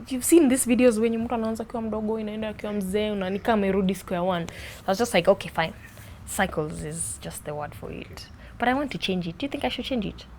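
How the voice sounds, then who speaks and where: A young woman, answering interview questions in an animated, expressive way about her life and podcast. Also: mid-range voice, slight background noise. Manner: animated, expressive, playful with accents. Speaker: podcast host being interviewed. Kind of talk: casual interview chat.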